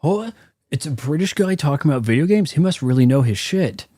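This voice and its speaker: A man's voice: fairly high pitch, animated, brisk, mellow, no echo, studio quality, pitched above the performer's own voice. A man putting on the voice of a gullible male fan who is impressed by a British YouTuber, in a mocking, exaggerated tone. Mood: mocking awe.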